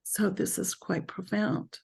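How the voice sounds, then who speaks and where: A woman leading a spiritual group through a reflective talk, speaking thoughtfully with pauses and self-corrections. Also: medium pitch, fairly even intonation, gravelly, darkish tone, husky.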